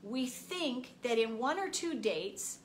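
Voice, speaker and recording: A woman giving a motivational spiritual talk, deliberate and often laughing as she acts out everyday examples. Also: a little high, animated, slight background noise. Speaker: spiritual speaker.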